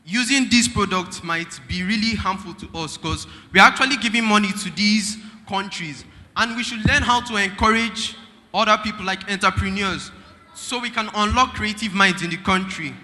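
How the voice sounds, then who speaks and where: A teenage boy with a Nigerian accent argues in a school debate. His voice is rather high and sharply bright. He speaks earnestly, often halting to restart, with a long hall reverb around him. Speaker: student debater. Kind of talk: formal school debate speech.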